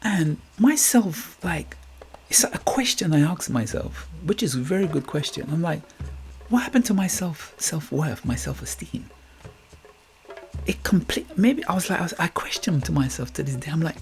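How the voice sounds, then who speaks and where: Gravelly Guyanese man musing aloud. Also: on the high side. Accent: Guyanese Caribbean. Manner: musing, repeats words, asks "you get me?". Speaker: podcast host. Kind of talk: reflective motivational monologue. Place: England.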